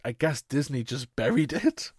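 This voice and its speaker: A man's voice: mid-range voice, normal speed, husky, dry recording, clean studio sound. A man co-hosting a podcast, joking sarcastically and swearing freely. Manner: sarcastic, swears, jokey, lively delivery. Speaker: podcast co-host. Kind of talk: casual chat.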